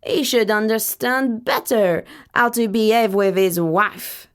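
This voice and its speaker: A woman voicing a proud male cockerel who speaks slowly and smugly. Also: a little high, clean tone. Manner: smug, slow and boastful.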